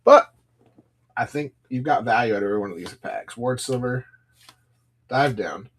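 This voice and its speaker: A man's voice: medium pitch, animated, moderate pace, a little hiss or hum. A man casually chatting on a live stream, reading off cards as he opens packs and telling stories to viewers. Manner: chatty, rambling, greets viewers by name while reading cards. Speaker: live stream seller opening card packs.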